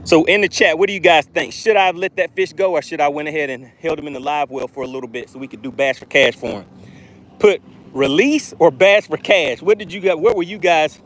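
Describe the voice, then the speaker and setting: A man's voice: fairly high pitch, fairly quick, a little hiss or hum. Hyped man streaming from a fishing boat. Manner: excited, hyped, talks to viewers and reads chat aloud. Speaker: fishing channel host. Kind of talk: live-streamed fishing commentary. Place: on a boat on open water. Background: jet skis and outdoor ambience.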